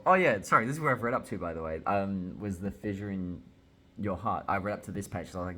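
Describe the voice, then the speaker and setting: A man with a deep, low voice talks through a manga chapter in a loose, casual reaction style. He gets worked up easily and swears freely as he reacts. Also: moderate pace, fairly bright tone. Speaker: manga reviewer.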